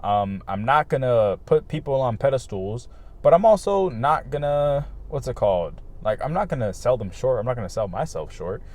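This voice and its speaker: A man's voice: mid-range voice, very animated, normal speed, darkish tone. A young man talking candidly outdoors in a casual vlog, swearing freely and circling back with lots of fillers and repeated phrases. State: hiccuping. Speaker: vlogger. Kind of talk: casual rambling monologue to camera. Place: outdoors, just outside his home.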